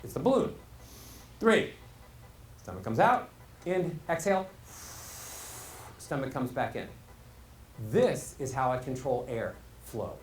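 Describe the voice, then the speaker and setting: A man teaching a live workshop as a voice coach, animated and demonstrative, asking his audience questions. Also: medium pitch, slight background noise. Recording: roomy echo, faint hall ambience.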